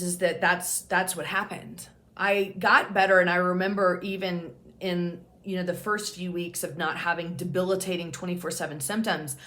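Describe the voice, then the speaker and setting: A woman's voice: lowish voice, a bit bright. Woman, peer support host, candid personal storytelling, casual, frank, swears freely, laughs at herself. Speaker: OCD peer support specialist and channel host.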